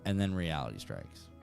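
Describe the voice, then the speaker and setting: A man's voice: very deep voice, vocal fry. A man in his thirties hosting a fishing channel, telling a story casually to viewers and acting out the people in it. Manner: animated, acts out voices in anecdotes.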